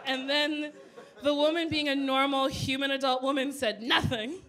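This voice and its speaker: A woman's voice: sits high, moderate pace, a crowd in the background, background noise. A woman comedian telling a stand-up story, acting out the voices of the people in it. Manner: animated, playing out voices of people in her story.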